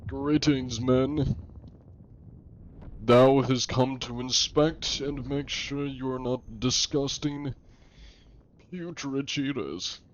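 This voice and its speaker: A man's voice: mid-range voice, steady tone, slow pace, pauses often, lo-fi sound, pitched above the performer's own voice, natural voice. A man voicing a pompous male sea inspector who hunts cheaters, speaking in grand, haughty archaic phrases.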